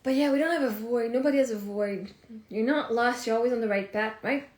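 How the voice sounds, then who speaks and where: A woman, a life coach rambling excitedly and thinking aloud in a casual live stream from her phone. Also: on the high side, a little fast. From Canada. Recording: roomy echo.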